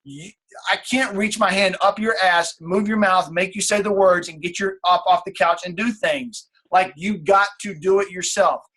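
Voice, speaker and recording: A man's voice: high voice, moderate pace, bright, forceful tone. Blunt motivational man in his late thirties. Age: late 30s. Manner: blunt, casual, swears freely; repeats key points for emphasis. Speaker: team leader on a coaching call. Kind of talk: motivational team call talk.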